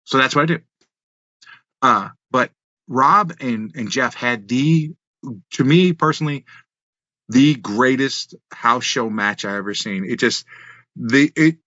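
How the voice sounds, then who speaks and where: Male podcast guest, bright forceful tone, dry slightly dull lo-fi sound, animated storyteller. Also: mid-range voice, no echo. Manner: animated, laughing, swears freely. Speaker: wrestling guest. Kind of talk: casual storytelling.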